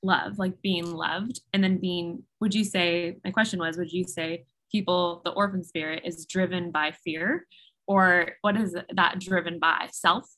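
Bubbly woman with a bright voice. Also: lowish voice, steady tone, unhurried. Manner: bubbly, laughs, thinks aloud with restarts. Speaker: audience member asking a question.

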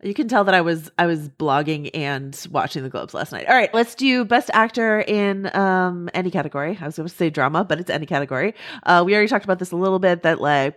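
A woman hosting a podcast, talking quickly and casually with lots of fillers. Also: fairly low pitch. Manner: quick, chatty, many fillers. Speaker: podcast host. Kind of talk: casual panel chat.

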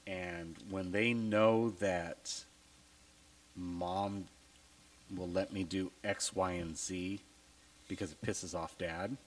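Deep-voiced blunt man, casual podcast host. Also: steady tone, takes it slowly, long pauses, rough recording. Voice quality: low voice. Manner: blunt, swears freely.

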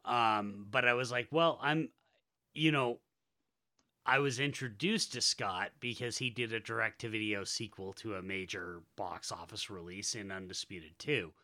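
A man's voice: lowish voice, steady tone, moderate pace, sharp tone. An American man co-hosting a casual film podcast, talking with enthusiasm and sarcastic asides. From Utah, USA. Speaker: podcast co-host. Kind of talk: casual chat.

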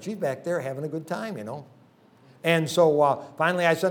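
Man, fairly high voice, folksy revival preacher, joking storyteller, talks to a congregation. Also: normal speed. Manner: leads the audience through a hands-on exercise. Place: church service.

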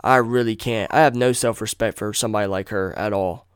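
A man's voice: fairly low pitch, steady tone, brisk, clean tone, no room sound, clean studio sound. A man hosting a solo podcast, ranting in an angry, blunt and profane way. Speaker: podcast host.

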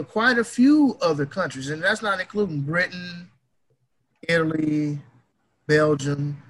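A man delivers a fired-up, profane opinion rant and hammers home his points. His voice is high and bright. A faint hiss sits behind it. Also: poor audio. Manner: emphatic, profane and heated.

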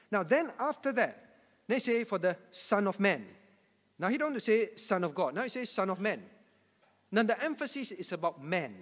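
High-voiced pastor in a reverberant hall. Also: male voice. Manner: repetitive, emphatic, chuckling asides. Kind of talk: Bible teaching to a congregation.

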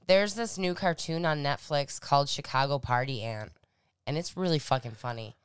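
A woman chats and teases her co-host, swearing freely for laughs. Her voice is low-pitched and very smooth. The recording is close and dry. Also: moderate pace, no room sound. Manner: playful, profane, teasing. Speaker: podcast co-host. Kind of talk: casual chat.

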